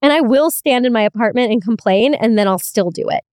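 Young woman, podcast host, casual chat, candid, swears a lot, smooth clean voice, dry close sound. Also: on the high side, brisk, darkish tone, no room sound. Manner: candid, swears freely, laughs often, mock-whining asides.

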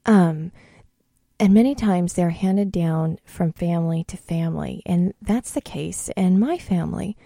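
A woman's voice: on the low side, measured pace, vocal fry, mellow, dry recording, studio quality. A middle-aged woman from Washington State, telling a homey, rambling story as a home gardener, with many fillers and restarts. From Washington State, USA. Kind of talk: casual storytelling monologue.

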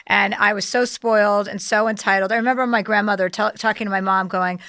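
A woman's voice: medium pitch, quick pace, hardly any pauses, a bit bright, clean tone, no echo. A woman comedian, telling profane stories in a casual studio chat and acting out voices. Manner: profane, storytelling, acts out voices. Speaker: comedian guest.

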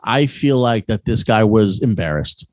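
A man's voice: fairly low pitch, animated, moderate pace, no echo. A man co-hosting a podcast, talking casually, rambling with many restarts and fillers. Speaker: podcast co-host. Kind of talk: casual chat.

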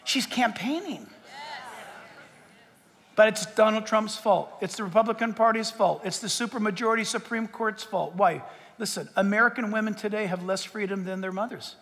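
A man delivers a sermon in a very high, bright voice that rings out. He reads scripture and breaks in with pointed, emphatic asides, and a long hall echo follows him. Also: steady tone, brisk. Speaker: pastor. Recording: echoey hall recording.

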